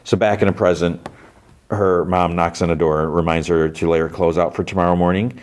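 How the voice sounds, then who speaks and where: A podcast host with a deep, low-pitched voice walks through a TV episode in a relaxed, rambling way. He lifts his voice when he quotes the characters' lines. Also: fairly quick. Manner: retells scenes loosely, quoting characters in a raised voice. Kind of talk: casual episode recap.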